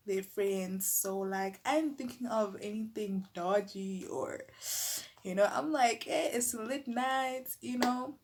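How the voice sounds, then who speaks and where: A young woman from South Africa with a South African accent, telling a personal story in a lively, chatty way full of filler words. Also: medium pitch, a little hiss or hum. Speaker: YouTuber. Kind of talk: casual storytelling.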